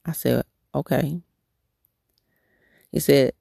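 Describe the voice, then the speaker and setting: Woman host, devotional testimony, earnest and candid, gravelly voice, dry close sound. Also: a bass voice, normal speed, a little mellow, dry recording. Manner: candid, earnest storytelling with restarts. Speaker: podcast host.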